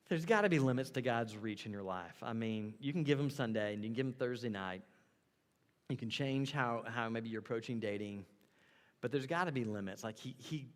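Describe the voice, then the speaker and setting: A man preaching a sermon as a young adults pastor, animated, building to loud emphatic peaks and then dropping low. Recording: long hall reverb.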